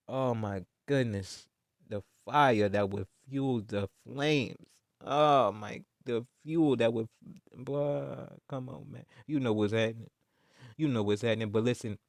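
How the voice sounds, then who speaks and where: A sports commentator vlogger rants casually about sports, emphatic and repetitive, full of slang and mocking jabs, and he tacks "man" onto his lines. He sounds insistent, with a mid-range voice in studio-quality audio that has no room sound.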